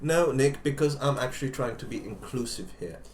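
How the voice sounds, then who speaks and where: A podcast co-host with a medium-pitched, expressive voice talks a little fast as he rambles through a long comic story, full of fillers and jokey asides. The recording has a roomy echo.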